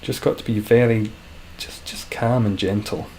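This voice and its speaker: A man chatting casually and dryly while live-streaming a game, describing his own voice as monotone. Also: on the low side, normal speed, slight background noise. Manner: dry, self-deprecating, calls his voice monotone.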